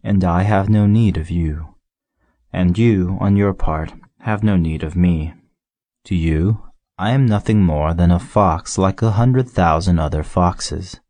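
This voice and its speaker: A man voicing a wise, lonely male fox in an audiobook, explaining things gently and in measured phrases. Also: deep voice, no echo. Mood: musing. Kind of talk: audiobook character reading.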